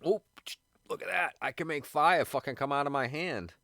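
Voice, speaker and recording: A man rambling casually on a live radio show, swearing constantly, laughing often and sounding high. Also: moderate pace, creaky, sharp tone, dry recording, studio quality.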